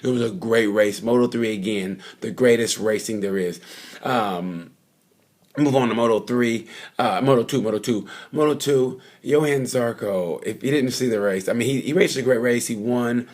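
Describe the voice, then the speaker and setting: This motorcycle-race vlogger, standing at the circuit, chats through the races in an offhand, meandering way full of asides and filler words. His medium-pitched voice is a little mellow, and his pace is moderate.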